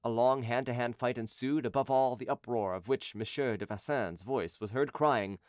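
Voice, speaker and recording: Reading a scripted audiobook, a man keeps his narration steady and measured. His pitch is mid-range, and the recording is dry and close-miked.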